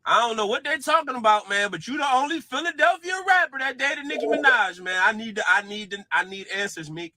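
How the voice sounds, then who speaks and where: A man with a very high, piercing bright voice rants casually to camera. He teases and addresses his target directly. The sound is close and dry with no room. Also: expressive, a little fast, few pauses, no echo. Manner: teasing, addresses the subject directly. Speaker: commentator.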